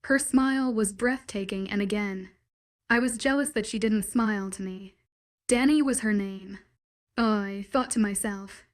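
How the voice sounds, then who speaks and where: A woman's voice: medium pitch, unhurried. Woman narrating a romance audiobook.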